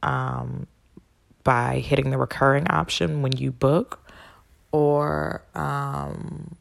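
A woman's voice: fairly even intonation, slow pace. A woman hosting a casual solo podcast as a spiritual healer, talking candidly and swearing freely. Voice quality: gravelly low voice.

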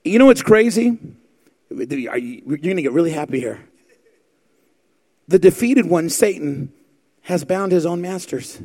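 A man's voice: fairly high pitch, lively intonation, a little slow, long pauses, dark tone. A middle-aged male pastor preaching a fervent sermon, quoting scripture and firing rhetorical questions at the congregation.

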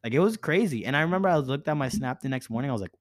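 A young podcast host tells a rambling party story in casual chat, animated and peppered with "like" and swearing. His mid-range voice races along.

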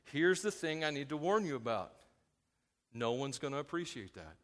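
A man preaching a sermon as a pastor, swinging from loud emphatic points to quiet asides. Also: a little high, very animated, moderate pace, in a large hall.

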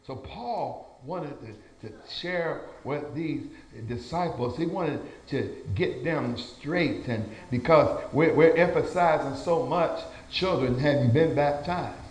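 In an echoey church sanctuary, a male pastor preaches a sermon, calling out amen after amen in a call-and-response style. His voice is fairly high and a little mellow, and he takes it slowly with few pauses. His phrasing is folksy, with stammered restarts.

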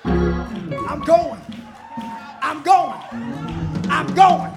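A man preaching a sermon, shouting and chanting repeated phrases in a live church service. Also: very high-pitched, sing-song, very slow. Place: church sanctuary. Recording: live church with music and congregation. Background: organ music and responding crowd.

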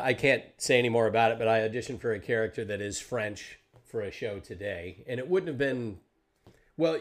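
Joking male podcast host. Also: mid-range voice. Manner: joking, self-deprecating, rambling. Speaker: podcast host and Twitch streamer. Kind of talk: casual interview chat. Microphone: video call.

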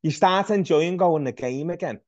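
A man's voice: a little high, moderate pace, a little mellow. A man, co-hosting a casual football podcast, rambling and ranting with lots of restarts. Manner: rambling, ranting, many restarts, says mate a lot. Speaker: podcast co-host. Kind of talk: casual chat. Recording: lo-fi dull sound.

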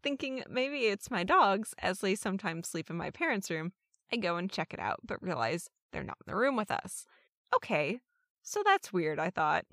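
A woman's voice: medium pitch, big pitch swings, normal speed, fairly bright tone, dry recording, clean studio sound. A woman co-hosting a podcast, chatting and reading listener stories with wry, amused emphasis. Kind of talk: casual podcast chat and story reading.

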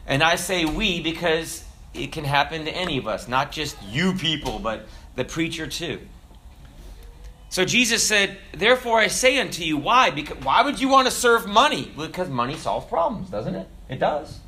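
Guy pastor preaching, bright voice sitting a bit high, slow emphatic delivery with jokes. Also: sing-song, slight background noise. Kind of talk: sermon.

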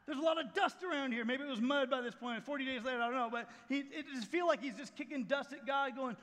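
High-voiced, bright pastor preaching in a hall. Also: male voice, fast talker, few pauses. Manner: dramatic storytelling, acting out scenes with shouts and hushed asides. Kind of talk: sermon.

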